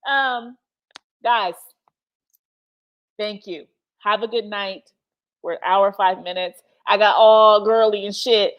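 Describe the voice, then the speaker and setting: A woman's voice: mid-range voice, slow, long pauses. A teary woman talks straight to her livestream viewers. She is passionate and swears freely, and she repeats her lines for emphasis. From United States. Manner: passionate, profane, speaks in emphatic repetitions. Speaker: livestream host. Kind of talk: emotional livestream talk.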